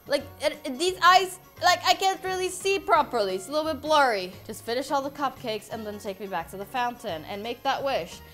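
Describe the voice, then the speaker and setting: A gaming YouTuber plays a fed-up mom turned monster, her high-pitched, fairly bright voice expressive and fairly quick with hardly any pauses. Faint music sits behind her dramatic, exasperated lines, which she often repeats.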